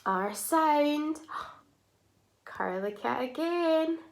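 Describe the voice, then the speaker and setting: A woman teaching a phonics lesson to young children, sounding out words slowly and clearly and praising often. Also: high voice, animated, a little hiss or hum.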